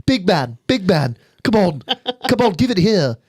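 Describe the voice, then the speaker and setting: A Welsh man voicing a posh, scheming cartoon baby boy in a prim, clipped, high voice. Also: sing-song, a little slow, husky, no echo, clean studio sound, heavily acted. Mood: eager. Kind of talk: comic impression.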